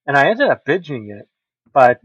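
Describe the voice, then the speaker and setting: A man co-hosting a casual podcast, talking in a relaxed, hesitant way with many fillers. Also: medium pitch, moderate pace, dry recording, lo-fi sound. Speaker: podcast co-host.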